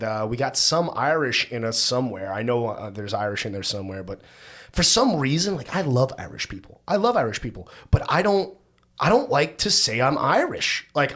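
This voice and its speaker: A man hosting a casual podcast chat, excitable and slangy, with the odd swear. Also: medium pitch. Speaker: podcast host.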